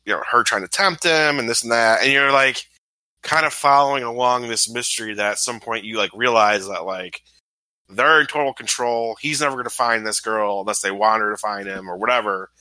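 A man's voice: medium pitch, brisk, bright, forceful tone, no room sound, rough recording. A man in a casual, swear-laden conversation about a film, full of fillers and restarts. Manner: loose, profane, filler-heavy. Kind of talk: casual movie discussion.

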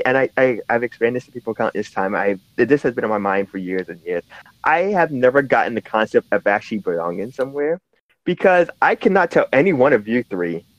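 A man's voice: mid-range voice, dry recording. Guy from new york city telling stories on a podcast, lots of restarts, voice jumps all over, kinda dull lo-fi mic. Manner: rambling, many restarts and fillers, laughing storyteller. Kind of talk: casual chat. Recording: slightly dull lo-fi sound.

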